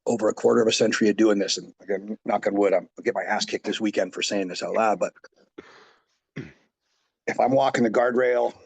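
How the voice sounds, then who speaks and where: A man's voice: on the low side, fairly even intonation, fairly quick, creaky, darkish tone, breathy edge. A man in his forties, a pro wrestler and coach, telling rambling stories in a casual interview, full of fillers and asides.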